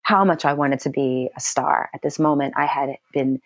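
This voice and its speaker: A middle-aged actress telling a personal story in an interview, animated and acting out what people said in a high, excited voice. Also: female voice, moderate pace, no room sound, studio quality. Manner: lively storyteller who acts out quotes in a high excited voice.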